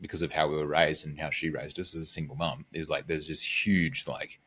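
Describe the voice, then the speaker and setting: Male podcast host, very low voice, hesitant and searching when asking questions. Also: little pitch movement, sharp tone, husky. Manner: searching, halting questions with many fillers. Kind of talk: conversational interview.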